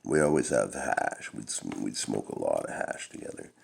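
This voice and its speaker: A man's voice: a bass voice, sing-song, moderate pace, gravelly, breathy edge. A middle-aged man telling a long-winded, profane personal story in a laid-back, rambling way. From Canada.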